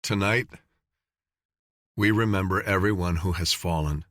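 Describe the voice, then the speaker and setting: A man voicing a tough male master sergeant who speaks in an earnest, measured, restrained way. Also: deep voice, a bit bright, no echo, studio quality.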